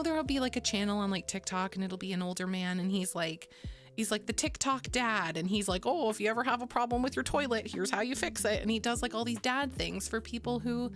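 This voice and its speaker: A young adult woman streaming and chatting casually with her viewers, bubbly, laughing often and swearing casually. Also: a little high. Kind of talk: casual chat with live chat.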